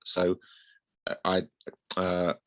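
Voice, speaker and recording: A middle-aged man with a slight northern English accent and flat vowels talks in a very low voice. He rambles and restarts, poking fun at himself, as a guest in a relaxed interview. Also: drawn-out words. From Hull, England. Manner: rambling, self-deprecating, frequent restarts. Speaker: guest, newspaper columnist. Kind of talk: casual interview chat.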